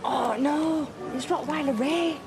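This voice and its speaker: A woman's voice: sits high, a little slow, over music. An actress playing a cheeky woman in a TV soap drama, with coaxing sing-song baby talk.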